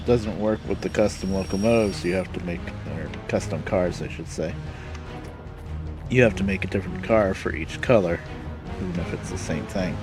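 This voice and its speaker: A man with a lisp, casually rambling as he streams a game and mutters to himself. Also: fairly low pitch. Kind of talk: casual live-stream commentary while playing.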